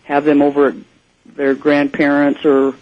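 A man's voice: fairly high pitch, monotone, moderate pace, darkish tone. A man guesting on a radio interview as a ghost investigator, speaking hesitantly with many fillers, heard over dull broadcast audio.

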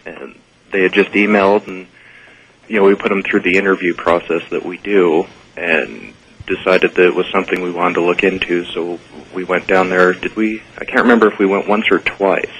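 A man's voice: low voice, steady tone, normal speed, fairly bright tone, poor audio. A man guesting on a radio interview as a ghost investigator, explaining in a matter-of-fact way.

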